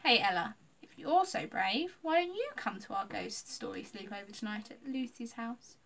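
A woman's voice: fairly high pitch, sing-song, normal speed, fairly bright tone, exaggerated voice. A woman voicing a thoughtful, scheming young boy in a storybook reading, talking earnestly.

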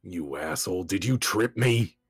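A man voicing a gruff, belligerent male dragonborn who talks in rough, coarse slang at a fantasy game table. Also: deep voice, expressive, normal speed, no room sound, studio quality, heavily acted. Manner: rough, coarse street talk.

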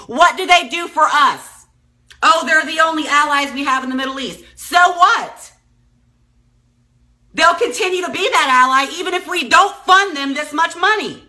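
A woman in her thirties makes an impassioned appeal to the public, tearful and crying at times, pleading and often repeating herself. Her voice sits high, bright and forceful, at a moderate pace.

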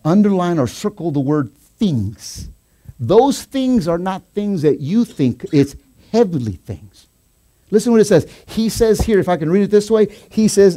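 Man pastor preaching, lively rising pitch, mellow tone, excited storytelling. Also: moderate pace. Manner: animated, rising to excited shouts; storytelling with quoted voices. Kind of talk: sermon. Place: church sanctuary.

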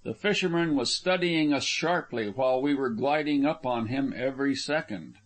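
A man narrating an adventure audiobook in an even, measured reading. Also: medium pitch. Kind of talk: scripted narration.

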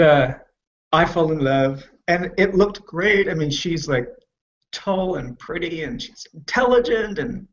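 A man with a fairly high voice tells a personal story in a frank, candid way, using plenty of profanity. He speaks haltingly and with emotion, and the muffled, lo-fi podcast recording dulls his voice. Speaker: podcast guest.

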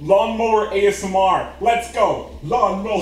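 A man talking to camera in a casual comedic monologue from an attic room, excitable and giggly, rambling with frequent laughs and yelps. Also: high-pitched, moderate pace, background noise. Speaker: video creator.

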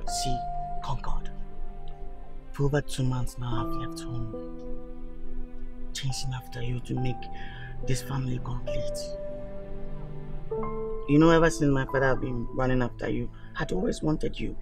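A man's voice: mid-range voice, fairly even intonation, a little slow, creaky, pauses often, over loud music. An actor playing a stubborn young man who earnestly confesses his love. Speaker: son.

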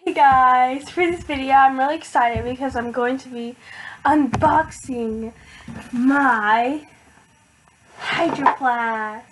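Teenage girl, high voice, slow unhurried delivery, hyper and gushing, filler-heavy casual vlog. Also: noisy background. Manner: hyper and excitable, many "like" fillers. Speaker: vlogger.

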